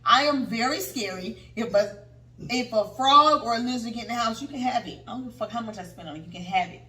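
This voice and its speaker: A woman in her thirties co-hosting a podcast, telling a story in casual chat, animated and swearing freely. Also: on the high side, fast talker. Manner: animated, swearing, acts out quotes. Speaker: podcast co-host. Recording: echoey room, distant mic, faint noise.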